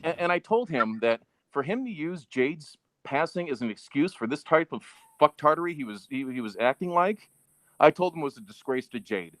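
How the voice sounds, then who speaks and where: A fairly high-voiced man hosting a podcast, talking bluntly and cursing freely. He often repeats the first words of a sentence before getting it out. The sound is dry, with almost no room in it. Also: very animated, normal speed, fairly bright tone, dry recording. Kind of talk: casual podcast chat.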